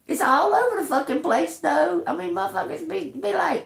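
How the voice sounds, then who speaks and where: A woman giving a live tarot reading, ranting in a profane, animated way and laughing often. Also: extremely high pitch, a little fast, gravelly, few pauses. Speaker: tarot reader. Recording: roomy echo.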